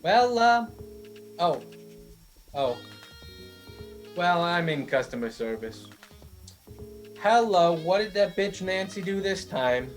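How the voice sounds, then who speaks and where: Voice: mid-range voice, takes it slowly, long pauses, faint music behind. Someone playing a snide nail-shop customer service clerk. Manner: sarcastic, deadpan, improvised. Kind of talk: improvised comedy sketch.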